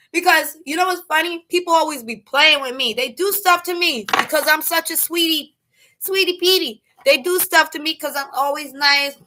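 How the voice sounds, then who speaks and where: High bright new lady in her 40s just chatting on her live, jokey and loud. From New York. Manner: animated, joking, breaks into laughs and shouts. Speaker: livestream host. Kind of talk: casual livestream chat.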